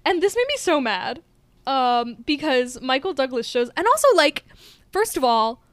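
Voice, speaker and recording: A woman's voice: sits high, very animated, normal speed, dry recording. A young woman co-hosting a podcast, chatting casually about a movie, swearing freely and acting out quotes. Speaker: podcast co-host.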